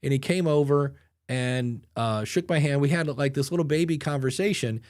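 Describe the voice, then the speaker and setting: A man's voice: fairly high pitch, moderate pace, darkish tone. A man hosting a podcast in casual chat, a chatty storyteller who acts out the people he quotes. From Ohio. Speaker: podcast host.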